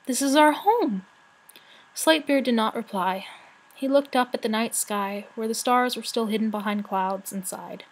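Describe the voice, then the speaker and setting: A woman reading a children's novel aloud as narrator, in a steady, clear manner. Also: on the high side, normal speed, poor audio. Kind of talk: storybook narration.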